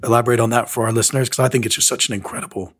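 A man's voice: mid-range voice, steady tone, rapid-fire, a bit bright. A man hosting an interview podcast, asking questions with hesitant restarts. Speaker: podcast host.

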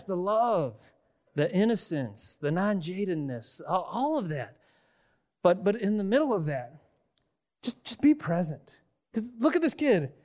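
A man preaching a conversational sermon on a church stage, animated and casual, often repeating words as he restarts. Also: sits high. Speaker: pastor. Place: church stage before a congregation.

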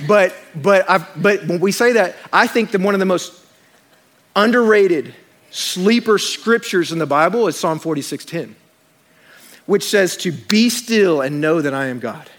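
A man's voice: high voice, measured pace. A man preaching a sermon to a congregation in church, mixing scripture with funny personal stories and asides. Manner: storytelling with humor, animated asides to congregation. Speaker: pastor.

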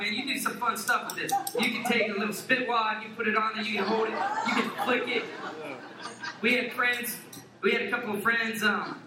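Playful high-voiced preacher in an echoey hall. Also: male voice, noisy background. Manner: playful, joking and animated. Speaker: pastor. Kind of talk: sermon. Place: church sanctuary. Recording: echoey church hall from far off with congregation. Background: congregation.

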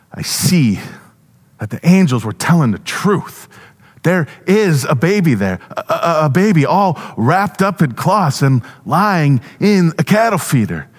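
A male pastor giving a first-person storytelling sermon, animated with halting restarts. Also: mid-range voice.

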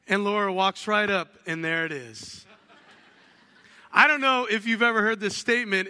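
A man with a high, piercing, intensely bright voice preaches a sermon. He tells stories with energy and acts out small exchanges at home. A long reverb trails off every phrase, like a church hall. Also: moderate pace. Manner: animated storytelling, acts out household dialogues. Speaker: pastor.

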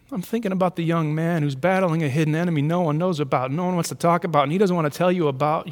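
Guy pastor preaching, kinda high voice, long hall echo, goes real soft and hushed on the tender bits. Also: steady tone, fast talker, hardly any pauses. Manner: earnest, dropping to soft near-whispers for tender lines. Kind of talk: sermon.

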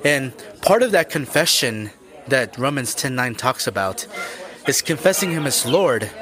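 A man's voice: medium pitch, sing-song, unhurried, pushed and bright. A man hosting a Christian podcast, explaining scripture in an earnest, preacherly way and speaking straight to the listener. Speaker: podcast host.

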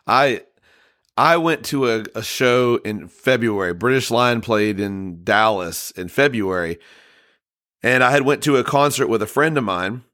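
A man's voice: medium pitch, animated, unhurried, fairly bright tone. A man in casual conversation who tells a story against himself and lets his sentences trail off.

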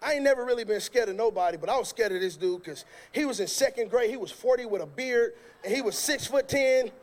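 High-pitched male preacher who tells jokey stories in his sermon, lively and loud at times. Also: quick pace. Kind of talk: sermon with comic storytelling.

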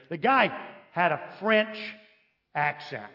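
A visiting preacher from the United States delivers a sermon full of animated, humorous stories and questions to the congregation. His fairly high voice has vocal fry and a measured pace with long pauses, and the audio sounds dull.

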